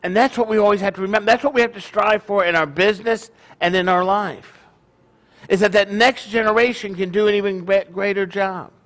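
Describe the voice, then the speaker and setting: Middle-aged guy preaching to his congregation, high voice, chatty and jokey, teases himself a lot. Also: steady tone, brisk, fairly bright tone. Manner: folksy, joking, self-deprecating. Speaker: congregation leader. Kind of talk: sermon.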